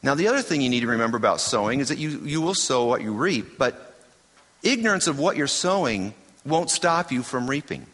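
A man's voice: medium pitch, a bit bright. A man preaching a sermon as pastor, emphatic and conversational, with self-deprecating asides. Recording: hall reverb.

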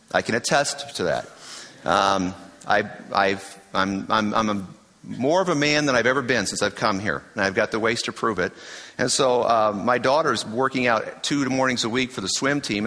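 A man's voice: fairly low pitch, sharp tone. A man preaching a sermon as pastor, emphatic and conversational, with self-deprecating asides. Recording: hall reverb.

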